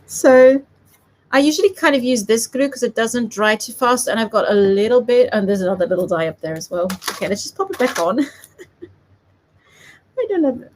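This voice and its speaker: A woman from South Africa gives a live papercraft tutorial, chatting, giggling and making fun of herself in a light accent. Her slightly high voice is animated and at normal speed, with a bit of background noise.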